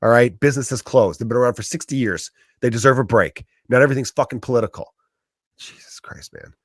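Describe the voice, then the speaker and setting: A man's voice: medium pitch, quick pace, dry recording, clean studio sound. A man in his thirties with a Chicago accent, a comedian hosting his podcast and ranting in a profane comedic monologue. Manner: profane, ranting, acts out quoted voices.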